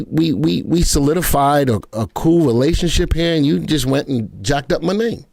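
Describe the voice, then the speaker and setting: A man's voice: medium pitch, animated, moderate pace, creaky, a little mellow, dry recording, clean studio sound. A man hosting a live stream, chatting with viewers in a playful way and often stammering and repeating himself. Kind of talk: casual live market chat.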